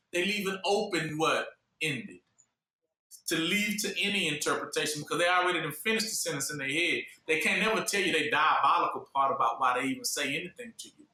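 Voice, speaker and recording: Man, preacher, sermon, sharp bright tone, fill-in-the-blank questions, roomy echo, distant mic. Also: on the high side. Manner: call-and-response questions, fill-in-the-blank pauses. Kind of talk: sermon teaching. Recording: echoey room from far off.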